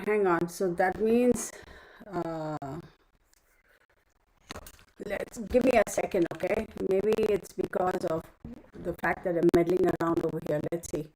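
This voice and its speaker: Slow-talking woman chatting live. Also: lowish voice, low-quality recording. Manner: chatty, mutters to herself while fiddling with setup. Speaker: livestream host. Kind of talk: casual live stream chat. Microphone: phone.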